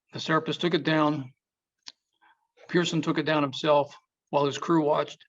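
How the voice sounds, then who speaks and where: A man giving a storytelling history talk as a museum speaker, emphatic and quoting historical figures. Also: fairly high pitch. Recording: dull lo-fi sound.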